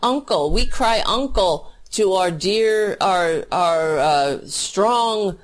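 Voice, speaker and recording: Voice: mid-range voice, lively intonation, drawn-out words. A speaker putting on a mocking voice for meek Canadians begging for mercy, in a political rant. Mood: mock surrender. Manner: mocking, whimpering. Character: meek groveling Canadians surrendering.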